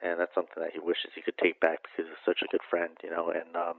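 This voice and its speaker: Deep, flat-voiced man hosting over a phone line. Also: fast talker, vocal fry, no room sound. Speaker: boxing podcast host. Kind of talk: casual interview questions. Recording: dry, phone-like audio.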